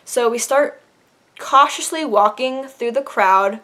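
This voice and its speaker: A woman's voice: a little high, slow pace, pushed and bright. Chatty young woman telling a story. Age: young adult. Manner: chatty, laughs while telling, many fillers. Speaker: vlogger. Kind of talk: casual story time.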